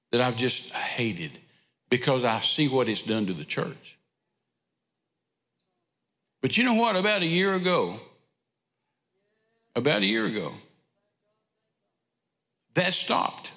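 A man's voice: mid-range voice, a bit bright, long reverb tail. A man, preaching an informal, rambling sermon in a church and repeating phrases for emphasis. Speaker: traveling preacher. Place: church sanctuary.

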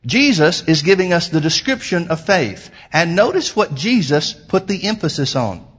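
This middle-aged man's voice is on the high side, fairly bright and breathy, with big pitch swings at a normal speed. As a pastor giving a sermon, he builds emphasis on his points and wanders into a filler-heavy personal anecdote.

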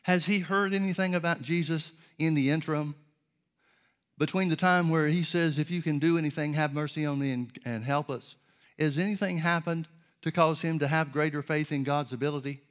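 A man preaching a sermon, teaching in an earnest, measured way and asking rhetorical questions. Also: on the high side, steady tone, smooth.

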